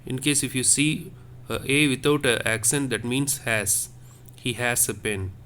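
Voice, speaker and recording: A man's voice: medium pitch, measured pace, sharp tone, a little hiss or hum. A man teaching a lesson on French accents, explaining patiently and repeating each point step by step.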